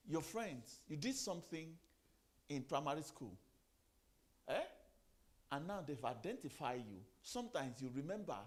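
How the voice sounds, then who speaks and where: A middle-aged man giving a motivational sermon, firing rhetorical questions, repeating phrases and giving the audience commands. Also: fairly high pitch. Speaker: motivational speaker.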